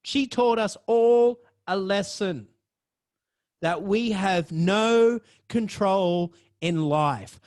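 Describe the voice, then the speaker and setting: A man telling a personal story on his podcast, dramatic and profane, swinging between loud outbursts and hushed asides. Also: high-pitched. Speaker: podcast host.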